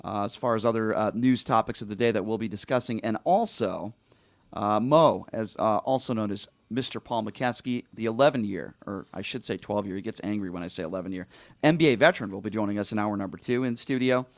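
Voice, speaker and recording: A man's voice: lowish voice, brisk, no room sound. A man hosting a studio talk show, talking emphatically with lots of fillers and restarts. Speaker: radio talk show host. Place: radio studio.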